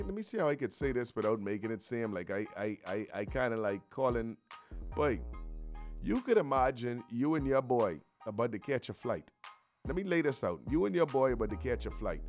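Morning radio guy, loose and rambly, slangy, soft music behind him. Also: mid-range voice. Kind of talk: casual radio chat.

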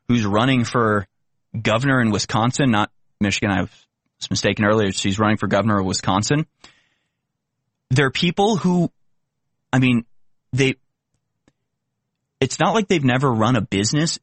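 A man's voice: medium pitch, a bit bright, no room sound. Sarcastic ranting male commentator. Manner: sarcastic, ranting, rhetorical questions. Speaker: commentary show host. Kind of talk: opinion commentary.

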